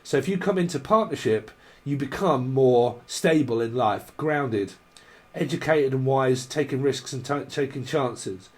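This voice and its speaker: This man delivers a casual tarot reading in a vlog. He rambles through irreverent tangents and laughs often. His voice sits in a middle pitch range. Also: animated, unhurried. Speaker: tarot reader.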